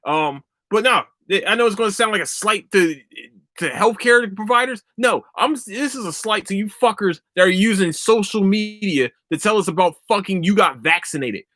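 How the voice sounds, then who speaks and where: A man's voice: high-pitched, animated, moderate pace, bright, forceful tone, no echo. A young man hosting his own podcast, ranting casually and profanely. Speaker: podcast host. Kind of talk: casual solo podcast rant.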